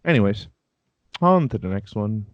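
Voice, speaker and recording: A man's voice: fairly low pitch, expressive, normal speed, no echo, highs cut off. A man co-hosting a casual anime chat, talking in a chatty, defensive way and laughing easily. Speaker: podcast co-host.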